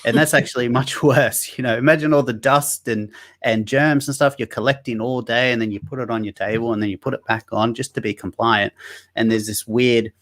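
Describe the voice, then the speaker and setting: A man's voice: medium pitch, fairly even intonation, brisk, fairly bright tone. A man with a nasal Australian accent, chatting as a guest in a casual interview, joking and rambling with many fillers and restarts. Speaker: guest, online activist. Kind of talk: casual interview over a video call. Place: Sydney.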